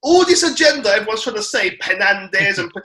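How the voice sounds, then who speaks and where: Young guy, fan panelist, bright and animated, excitable storyteller, roomy studio sound. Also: sits high, brisk. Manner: excitable, slangy, acts out his own reactions.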